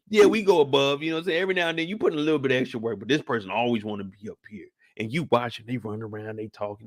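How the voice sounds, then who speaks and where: A man's voice: medium pitch, fast talker, no room sound, clean studio sound. A man hosting a casual TV recap show, talking in a profane, laughing way. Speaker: show host.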